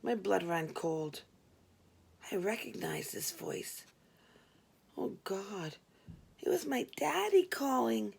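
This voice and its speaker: A woman's voice: mid-range voice, very animated, slow, vocal fry, long pauses, darkish tone, husky. A woman narrating a first-person story in a dry, wry manner. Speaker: audiobook narrator.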